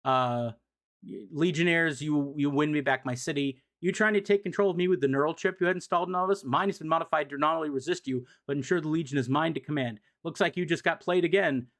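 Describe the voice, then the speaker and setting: A man voicing a cold, commanding female villain queen who speaks with haughty, quick triumph. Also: on the high side, a bit bright.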